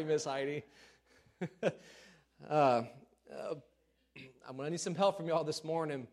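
A man preaching a sermon in a church, folksy and self-deprecating, then building to loud calls to the congregation. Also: on the high side. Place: church sanctuary.

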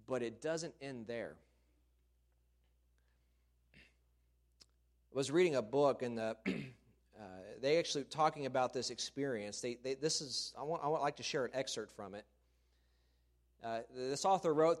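A man's voice: medium pitch, unhurried, long pauses. A man preaching a sermon, telling a story emphatically and expressively.

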